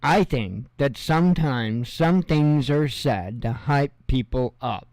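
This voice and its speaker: A man's voice: mid-range voice, takes it slowly, darkish tone, dry recording. A male host giving rambling, sarcastic commentary on the news, with mocking asides.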